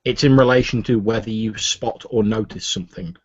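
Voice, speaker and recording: A man narrating a tabletop game as game master, relaxed and a little hesitant. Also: fairly low pitch, brisk, dry recording, dull audio.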